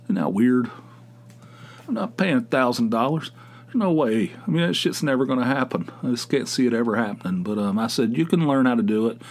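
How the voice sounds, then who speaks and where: A middle-aged man hosting a podcast, rambling casually and mocking excited people with put-on voices. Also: mid-range voice, fast talker, few pauses. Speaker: podcast host. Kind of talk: casual solo podcast rant.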